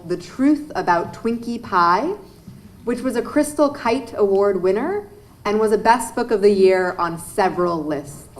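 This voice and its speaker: A woman's voice: medium pitch, slight background noise. A woman moderating a panel, reading author introductions and asking the first question. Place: event hall.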